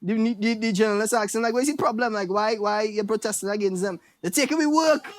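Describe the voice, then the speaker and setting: A man's voice: high-pitched, brisk. A man with a Trinidadian accent performing a stand-up comedy set, telling stories and mimicking his relatives. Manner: animated storytelling with impressions of relatives.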